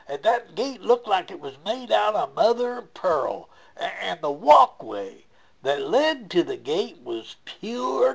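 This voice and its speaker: A man telling a folksy tale in a relaxed, plain-spoken way, chuckling often. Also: sits high, creaky. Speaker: storyteller.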